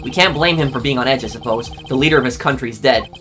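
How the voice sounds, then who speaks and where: A man playing a cool-headed prosecutor who speaks slowly and formally in a lowered voice. The tone stays bright despite the deeper pitch. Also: slight background noise, natural voice. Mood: pondering. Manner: measured, formal, deliberate. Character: cool, composed male prosecutor.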